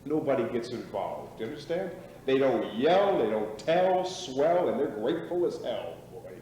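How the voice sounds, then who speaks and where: Male actor as a reckless middle-aged ex-athlete, mid-pitched, boastful, live stage sound with a long hall echo. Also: very animated, moderate pace, warm tone, natural voice. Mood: bitter. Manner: swaggering, rambling, prods listeners with "right?" and "boy". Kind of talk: live stage play acting. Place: small theater stage. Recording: echoey theater stage, distant mic, noisy.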